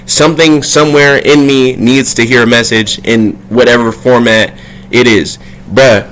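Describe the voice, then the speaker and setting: A man at a middle pitch vlogging about spirituality in a loose, casual way. He is slangy and profane. When an idea excites him, his voice leaps up high, and then it settles back down. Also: normal speed, slight background noise. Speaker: vlog host. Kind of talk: casual spiritual vlog monologue.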